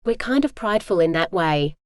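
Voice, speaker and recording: A woman's voice: on the low side, expressive, fairly quick, no room sound, studio quality, lightly acted. A woman voicing a charming, easygoing young Texan man who owns a hotel, in an audiobook. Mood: friendly. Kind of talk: audiobook character voice.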